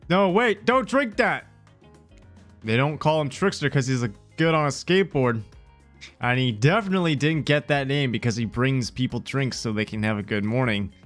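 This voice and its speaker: A man's voice: mid-range voice, fairly bright tone. Playful, theatrical man reading a game aloud. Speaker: gaming content creator.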